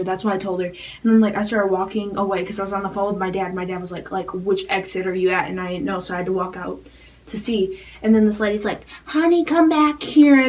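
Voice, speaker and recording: Teen girl vlogging, talks super fast n rambly, like like like, mic kinda far off. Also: mid-range voice. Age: teens. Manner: rapid rambling with constant "like" fillers. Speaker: fan vlogger. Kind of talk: casual storytelling to camera.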